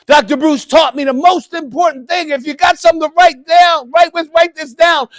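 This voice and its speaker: A middle-aged man giving a live motivational keynote speech, animated, calling out to the crowd and breaking into shouts. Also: extremely high pitch, moderate pace, no echo. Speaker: motivational speaker. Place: conference event room.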